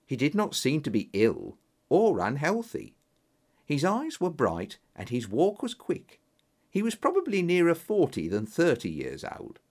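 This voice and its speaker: A man narrating an audiobook with a clear, expressive reading. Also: on the high side, measured pace.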